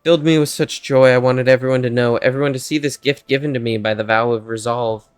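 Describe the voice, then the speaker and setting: A man reading the lines of a gentle elderly female nursemaid, soft and plain. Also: mid-range voice, steady tone, quick pace, clear, resonant tone, dry recording, lightly acted. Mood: sorrowful.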